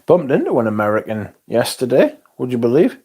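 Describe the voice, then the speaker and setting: A man's voice: mid-range voice, huge pitch swings, fairly quick, darkish tone, breathy edge. A man from England, chatting casually on a livestream, reading out comments with blunt, sweary, dry humour. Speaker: livestream host reviewing fragrances.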